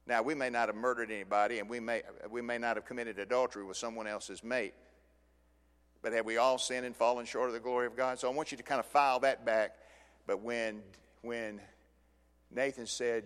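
Older male pastor, sermon delivery, dynamic swings from quiet to booming, long church reverb. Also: fairly even intonation, normal speed. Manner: dramatic swings from hushed to loud. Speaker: preacher.

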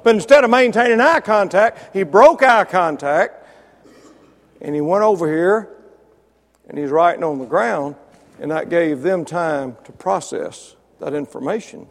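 A man preaching a sermon, building to loud emphatic peaks, then dropping low, with wry asides to listeners by name. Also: measured pace, gravelly. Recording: long reverb of a large hall.

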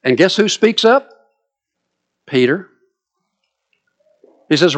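A man with a Southern US accent preaching a sermon, acting out scripture quotes with lively, dramatic delivery. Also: high-pitched, moderate pace, long pauses. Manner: animated, dramatic quoting of scripture.

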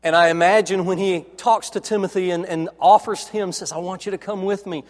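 High-voiced preacher in a reverberant hall. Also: male voice, fairly even intonation, brisk. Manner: dramatic, acts out quoted dialogue, drops to soft low tones. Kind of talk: sermon.

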